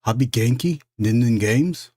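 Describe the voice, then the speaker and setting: A man's voice: mid-range voice, unhurried, a little mellow, no echo. A man hosting a live stream, chatting casually and rambling, with frequent fillers and laughs. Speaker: live stream host and illustrator.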